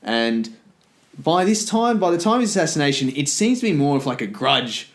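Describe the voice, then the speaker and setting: A man's voice: fairly high pitch, sing-song, brisk. A man co-hosting a casual history podcast, dropping dry quips and explaining at length. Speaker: podcast co-host.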